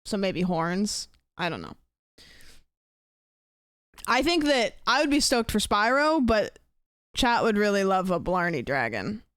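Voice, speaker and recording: A woman's voice: mid-range voice, big pitch swings, unhurried, pauses often, a bit bright, no room sound, clean studio sound. A young woman streamer chatting casually and rambling with her live viewers, thanking them for gifts.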